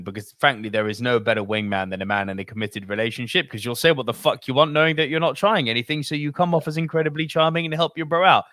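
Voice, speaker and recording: A man co-hosting a podcast, telling stories in a casual, profane, animated way. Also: mid-range voice, no room sound, clean studio sound. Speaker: podcast co-host.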